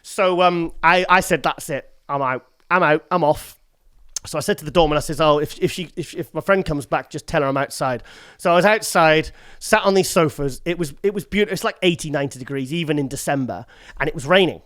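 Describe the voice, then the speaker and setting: A man's voice: a little high, quick pace, no echo. Chatty British man telling a story. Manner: rambling, animated, acts out the quoted lines. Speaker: guest. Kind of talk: casual storytelling.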